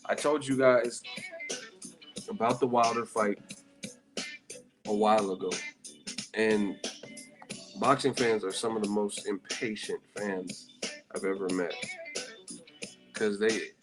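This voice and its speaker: A man with a lowish voice talks loosely to his live-stream viewers about boxing, tired and rambling, with profanity dropped in casually. Music plays clearly behind him throughout. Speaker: boxing channel host. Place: hotel room in Las Vegas.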